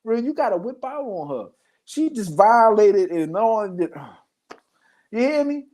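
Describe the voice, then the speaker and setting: Male host, comedic rant, exclaims and repeats himself, pitch leaps way up on outbursts. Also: very animated, measured pace. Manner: loud exclaiming, big pitch swings, profane; repeats lines for emphasis.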